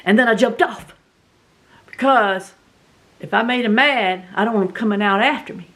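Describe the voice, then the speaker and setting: A middle-aged woman with a Southern US accent tells a story in a casual, animated, dramatic way, full of fillers. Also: a little high, normal speed. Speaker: vlog host.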